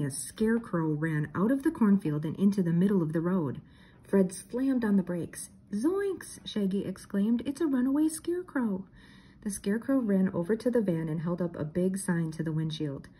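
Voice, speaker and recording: A woman's voice: on the low side, normal speed, mellow, husky. Older woman reading a storybook aloud. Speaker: storybook reader. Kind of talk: reading a children's book aloud.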